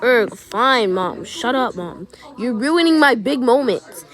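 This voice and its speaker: A woman voicing a grumpy, lovestruck teenage boy in a toy role-play, in a lowered voice. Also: lively intonation, slow pace, a bit bright. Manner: sulky, whiny, smitten.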